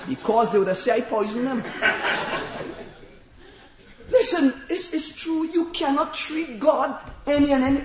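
A man preaching a sermon, telling the story dramatically and shouting at times for emphasis. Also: very high voice, measured pace, long pauses, reverberant, muffled recording. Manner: animated storytelling, acting out voices and shouting for emphasis.

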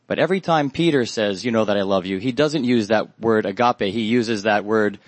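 Earnest, measured male preacher, dry sound. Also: mid-range voice, no room sound. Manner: measured and earnest, with pauses and fillers. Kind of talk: Bible study sermon.

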